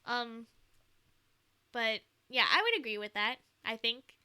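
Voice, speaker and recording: A woman's voice: on the high side, very animated, takes it slowly, pushed and bright, clean tone. A woman streaming a game, reading it aloud and chatting in a playful manner. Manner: playful, laughs easily. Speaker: streamer reading a visual novel.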